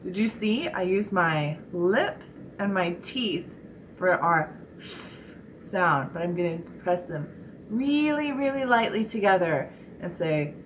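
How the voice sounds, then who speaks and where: A woman teaching a children's speech lesson, demonstrating sounds slowly and encouraging the listener. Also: lowish voice, lively intonation, slight background noise, low-quality recording.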